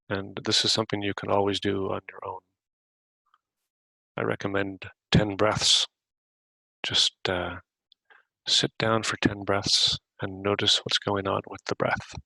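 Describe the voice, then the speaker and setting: A man hosting a podcast, gently guiding a breathing meditation with unhurried questions to the listener. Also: lowish voice, level tone, creaky, dry recording, rough recording. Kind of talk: guided meditation.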